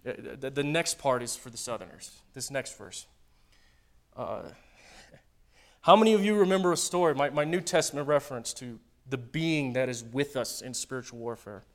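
A man preaching a sermon, swinging between loud dramatic readings and quiet joking asides to the congregation. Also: medium pitch, expressive, normal speed.

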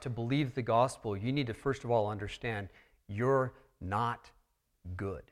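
A pastor speaks a little slowly in a medium-pitched voice as he walks through a text verse by verse in his sermon. He alternates between hushed, sincere passages and loud, forceful ones.

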